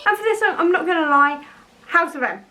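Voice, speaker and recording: A young woman, gushing excitedly as a book vlogger, a little out of breath. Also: very high voice, a little fast, soft background music. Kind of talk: enthusiastic casual vlog.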